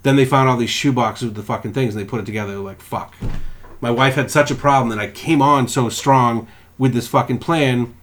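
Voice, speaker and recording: A young man in casual podcast chat, swearing freely as he tells stories. He slips into quick impressions of the people he quotes, with his pitch jumping up for them. His voice sits at an ordinary middle pitch for a man. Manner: profane, animated storytelling with put-on quotes. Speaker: podcast co-host.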